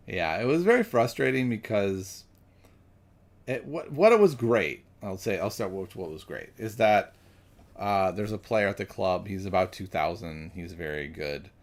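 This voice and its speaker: Gravelly low-voiced man musing over chess. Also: lively intonation, a little slow, pauses often. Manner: musing, self-correcting, chatty. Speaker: chess streamer. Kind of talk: thinking aloud while solving puzzles.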